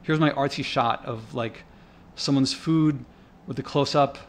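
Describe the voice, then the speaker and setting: A vlogger with a mid-range voice narrates his own park footage at a measured pace. His casual commentary is indignant and rambling, full of restarts as he thinks aloud and gets increasingly worked up.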